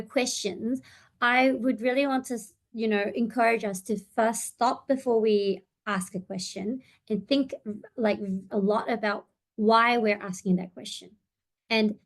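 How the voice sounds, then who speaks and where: Soft-spoken woman therapist presenting. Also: a little high. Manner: friendly, thinking aloud with many fillers. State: voice breaking slightly. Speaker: therapist leading a parent seminar. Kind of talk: online seminar presentation.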